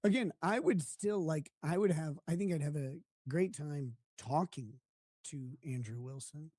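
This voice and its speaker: A man's voice: fairly high pitch, a little slow, mellow, no echo. A man hosting a live stream, chatting casually with a crude, mocking manner and frequent laughter. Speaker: streamer host.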